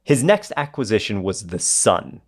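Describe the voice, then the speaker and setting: A man's voice: on the low side, sing-song, moderate pace, breathy edge. A man hosting a podcast, telling a history story in a conversational way with asides to his co-hosts. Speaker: podcast host.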